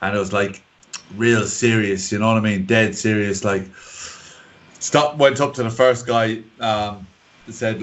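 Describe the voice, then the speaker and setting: A man's voice: fairly low pitch, fairly even intonation, a little slow, low-quality recording. Earnest rambling Irish man. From Ireland. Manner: earnest, rambling, searching for words. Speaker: podcast co-host. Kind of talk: casual chat. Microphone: video call.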